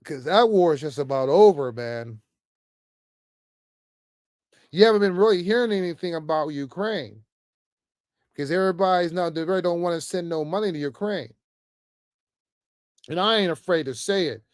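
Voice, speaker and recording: Man, fairly high voice, heated rant, stammers and repeats, dry close sound. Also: expressive, fairly quick, smooth, no echo. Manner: emphatic, repetitive, frequent stammers and "man" tags. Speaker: political commentator vlogger. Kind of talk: off-the-cuff political rant.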